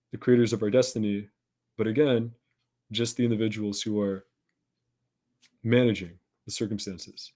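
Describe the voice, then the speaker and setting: A man with a mellow, mid-range voice hosts a podcast, leading listeners through a self-help monologue. His tone is earnest and encouraging, like a coach.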